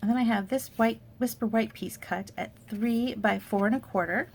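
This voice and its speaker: A woman's voice: a little high, moderate pace. A woman demonstrating a paper craft project, chatting in an upbeat way as she walks through supplies and steps. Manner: upbeat, chatty product walkthrough. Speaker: card-making demonstrator. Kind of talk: casual crafting tutorial.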